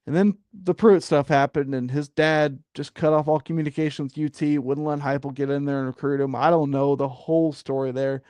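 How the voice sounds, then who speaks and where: A man's voice: fairly high pitch, fairly even intonation, brisk, few pauses, a little mellow, clear, resonant tone, no room sound. A man hosting a casual sports talk podcast, rambling with lots of fillers and getting worked up. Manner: rambling, frequent fillers, gets fired up. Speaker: podcast host.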